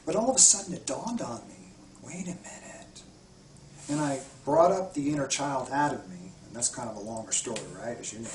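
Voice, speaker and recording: With lively intonation and a brisk pace, this medium-pitched spiritual healer and retreat guide relates stories earnestly during an interview. He often begins his sentences again, and the echoey, distant recording carries a little hiss or hum.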